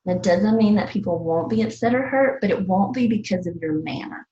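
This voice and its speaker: A woman's voice: medium pitch, fairly quick, dark tone, roomy sound, highs cut off. A woman from the American South, an herbalist teacher, speaking in an earnest, reflective way and often laughing and acting out little bits of dialogue. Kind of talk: reflective casual talk.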